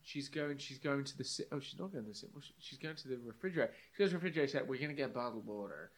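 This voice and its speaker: A man co-hosting a casual podcast, adding sarcastic asides and quieter mock quotes. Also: on the high side, racing. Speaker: podcast co-host. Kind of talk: casual chat.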